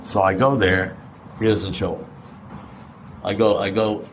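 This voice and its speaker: A man with a fairly low voice gives a blunt, conversational share at a recovery meeting. He keeps firing rhetorical questions at the room and swears now and then. A faint hiss of noise sits under the recording. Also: little pitch movement, measured pace, poor audio.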